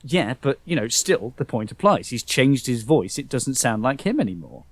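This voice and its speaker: A blunt, argumentative man with a British accent, talking in a casual podcast chat. His voice is mid-pitched and sounds close and dry, with little room to it. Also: big pitch swings, moderate pace, dry recording. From England. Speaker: podcast co-host. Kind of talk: casual argument among friends.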